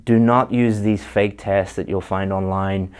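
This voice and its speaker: A man's voice: sits low, steady tone, unhurried, a little mellow, clean tone. A man giving a spoken English exam lesson, conversational, with fillers and repeated words.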